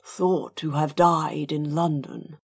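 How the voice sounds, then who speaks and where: A woman voicing quiet, deliberate Lord Worth. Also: deep voice, steady tone, slightly rough, heavily acted.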